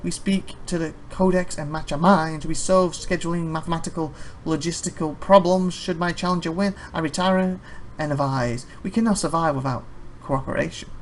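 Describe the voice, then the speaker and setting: A let's-player reading aloud the lines of a solemn woman captain of a stranded colony in a video game, in a measured, formal way. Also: medium pitch, fairly even intonation, a little hiss or hum, natural voice. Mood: dutiful.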